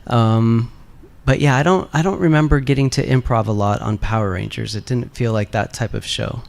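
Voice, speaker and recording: A man with a gravelly, creaky voice at middle pitch, answering fan questions on a convention panel. He talks in a relaxed, candid way with plenty of ums and uhs. Now and then his words slip into a soft laugh. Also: moderate pace.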